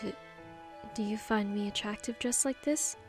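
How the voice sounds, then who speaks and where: A woman's voice: mid-range voice, steady tone, moderate pace, over music, natural voice. A woman voicing a timid, submissive young man who sounds shaken and hesitant, in an audiobook. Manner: whiny and hesitant.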